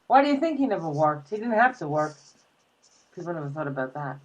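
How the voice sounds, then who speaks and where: Low-voiced woman co-host. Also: very animated, fast, lo-fi sound. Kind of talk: casual chat.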